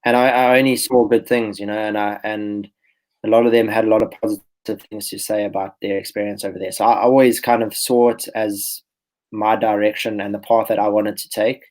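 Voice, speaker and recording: Low-voiced man in his twenties. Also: fairly quick, rough recording. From South Africa. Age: 20s. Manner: relaxed, rambling storyteller who restarts phrases. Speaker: professional golfer guest. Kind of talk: casual podcast interview.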